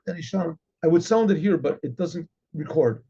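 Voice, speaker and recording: A rabbi telling a story in a rambling way, with many fillers and frequent throat clearing. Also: male voice, fairly high pitch, animated, normal speed, mellow, lo-fi sound. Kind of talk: storytelling talk.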